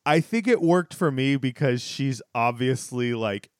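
Male podcast co-host, smooth clear voice, dry close sound, loose rambling recap delivery. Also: medium pitch, animated, measured pace, no echo. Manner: rambling, many restarts, laughing asides. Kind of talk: casual chat recapping a sitcom.

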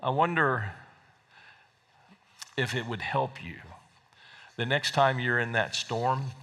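A man's voice: medium pitch, slow pace, sharp tone. A man preaching a sermon as pastor, talking conversationally and often repeating words as he goes. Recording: long reverb of a large hall.

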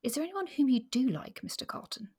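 A woman reading aloud as a spirited, sharp-tongued Regency lady. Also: sits high, sing-song, brisk, husky, pitched above the performer's own voice, full character voice. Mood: tart.

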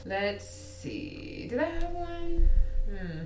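A woman's voice: very high voice, very animated, very slow, a little mellow, roomy sound, a little hiss or hum. A woman co-hosting a casual chat podcast, telling rambling, self-deprecating stories full of "like". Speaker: podcast co-host.

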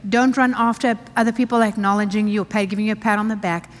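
A woman's voice: medium pitch, steady tone, fast. Emphatic woman preaching in a reverberant hall. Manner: emphatic, repeats phrases, reads scripture aloud. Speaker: pastor. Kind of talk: sermon.

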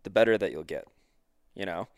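A man co-hosting a casual podcast, telling stories and acting out quoted people with lively jumps in his voice. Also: a little fast, no echo, studio quality. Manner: animated storyteller, acts out quoted characters with big pitch jumps. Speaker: podcast co-host.

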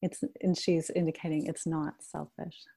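Woman, meditation teacher, gentle, unhurried, slightly low voice. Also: little pitch movement, creaky, breathy edge. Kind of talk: guided meditation and talk.

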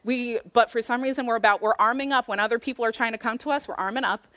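A woman's voice: fairly high pitch, fast, a bit bright. A woman preaching a casual sermon, retelling a Bible story in a chatty, slangy way and acting out the quoted lines with little voices.

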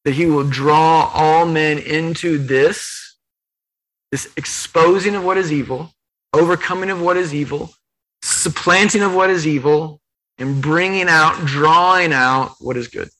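Guy preaching a sermon, kinda high voice, bright and forceful, really earnest, repeats stuff for emphasis. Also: fairly even intonation, unhurried, low-quality recording. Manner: earnest, emphatic, paraphrasing scripture aloud with repetition. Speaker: pastor.

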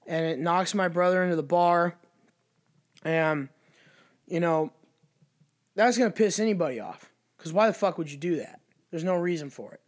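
A man with a notably high voice spins a story in a casual chat. He swears freely and leans hard on his words, animated and emphatic throughout. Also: moderate pace, long pauses.

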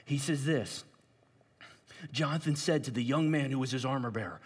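A man preaching a sermon, retelling a story with lively asides to his listeners. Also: medium pitch, normal speed, long pauses, breathy edge. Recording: long hall reverb.

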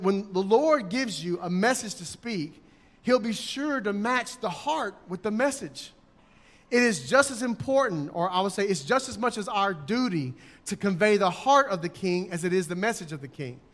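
A male preacher with a high voice delivers a sermon emphatically, acting out his examples in raised voices. His words ring out with a long echo, as if recorded in a church hall. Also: a bit bright.

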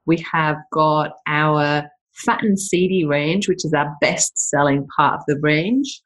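A woman's voice: sits low, slow pace, low-quality recording. A woman business owner talking chattily from her home kitchen, full of asides and laughs. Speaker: business owner and health coach. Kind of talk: casual chat to camera.

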